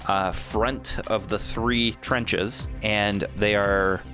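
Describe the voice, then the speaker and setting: A man's voice: fairly low pitch, extremely slow, faint music behind. Laid-back man running a tabletop game. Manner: relaxed, hesitant with frequent fillers. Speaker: game master.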